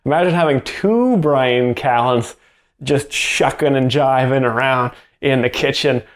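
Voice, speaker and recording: A man hosting a dry, deadpan commentary that explains the jokes, hesitant and over-literal. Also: mid-range voice, measured pace. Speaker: joke explainer host.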